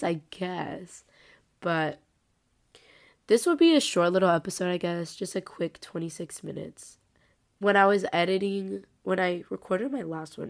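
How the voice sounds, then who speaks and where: A woman's voice: on the low side, creaky. A young woman in her late teens, hosting her own podcast alone, chatting casually and rambling with lots of filler words while she is sick. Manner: rambling, heavy use of "like" fillers. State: sick, congested voice. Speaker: podcast host. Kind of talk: casual solo podcast chat.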